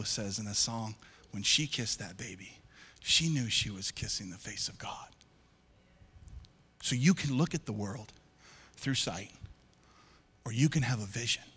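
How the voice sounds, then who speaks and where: A man preaching as a pastor, joking with the congregation and swinging between loud emphatic lines and hushed, whispered ones. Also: medium pitch, husky, long reverb tail. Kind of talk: sermon. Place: church auditorium.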